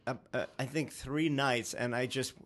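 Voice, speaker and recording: A man's voice: medium pitch, fairly even intonation, moderate pace, fairly bright tone. Guy on a book podcast, laughs and stumbles through a story. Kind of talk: casual book club chat.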